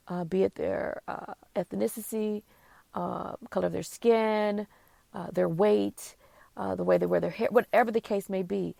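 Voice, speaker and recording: A woman's voice: medium pitch, gravelly, darkish tone, dry recording. A woman hosting a faith-based podcast, telling a personal story in an earnest, conversational way with many fillers. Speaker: podcast host.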